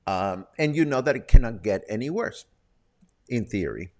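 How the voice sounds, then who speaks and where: A man's voice: lowish voice, lively intonation, moderate pace, darkish tone. A man hosting a casual local news and weather roundup, chatty, with wry asides. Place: Puerto Vallarta, Mexico.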